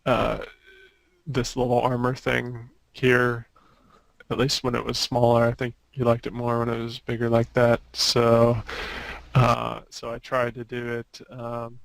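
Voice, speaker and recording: Gravelly, flat-voiced man showing sketches. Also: medium pitch, dry recording, poor audio. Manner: halting, with many restarts. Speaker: concept artist. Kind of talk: casual show-and-tell on a group call.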